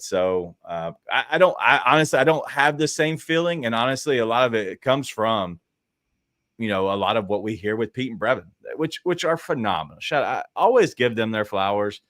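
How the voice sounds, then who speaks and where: Casual sports co-host, male, low-pitched, dry close mic, chatty and digressive. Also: a bit bright, dry recording. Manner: rambling, restarts and fillers, quick asides. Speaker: podcast co-host.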